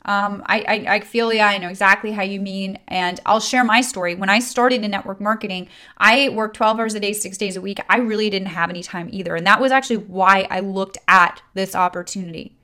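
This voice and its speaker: A woman's voice: medium pitch, fairly even intonation, fairly quick, few pauses, bright, forceful tone. A woman giving a conversational coaching talk on handling sales objections, with frequent fillers and checks like "right?". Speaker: network marketing trainer.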